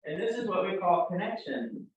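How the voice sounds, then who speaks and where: A man's voice: high-pitched, expressive, moderate pace. A man with a Texan accent teaching a live dance class, joking and telling folksy stories as he instructs. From Texas. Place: dance studio. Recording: roomy, distant, dull sound.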